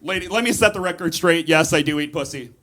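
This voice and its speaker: A man in his thirties doing a stand-up comedy set on a club stage, campy and animated, with sudden high squeals on punchlines. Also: fast talker, slight background noise. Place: comedy club stage before a live audience. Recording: live club recording, loud laughter. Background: loud audience laughter.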